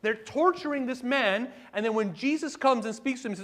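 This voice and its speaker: A male pastor preaching a sermon in a conversational way, with rhetorical questions and sudden bursts of excitement. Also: very high voice, a little fast. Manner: conversational preaching with asides and fillers.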